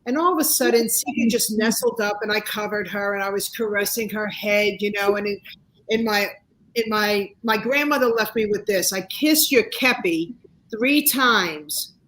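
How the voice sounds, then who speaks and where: A woman in her sixties, a talk-show guest telling personal stories in an animated, motivational way. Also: mid-range voice, normal speed, a little hiss or hum, low-quality recording. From United States. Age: 60s. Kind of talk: casual interview chat.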